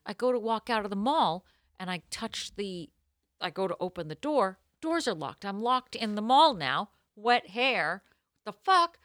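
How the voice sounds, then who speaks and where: A woman co-hosting a podcast, telling a self-mocking story in a lively, casual way. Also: mid-range voice, normal speed, dry recording, studio quality. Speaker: podcast co-host.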